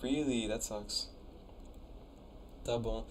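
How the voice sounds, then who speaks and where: Against background noise, a young adult man speaks slowly and steadily at a medium pitch. The college student is casually live streaming, reading viewers' messages aloud and testing the pronunciation of invented words as he reviews their conlangs in a chatty, easygoing way.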